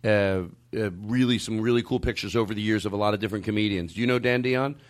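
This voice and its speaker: A man's voice: lowish voice, fairly even intonation, fast. A man hosting a casual comedy podcast chat, playful and jumping into silly voices. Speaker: podcast host.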